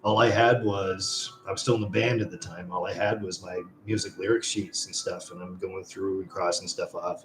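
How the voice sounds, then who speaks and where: A man with a lowish voice hosts a casual live stream, wandering through stories and cursing as he goes. His voice rings around a roomy, echoey space, with faint music playing underneath. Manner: rambling, swears freely, storytelling. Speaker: livestream host.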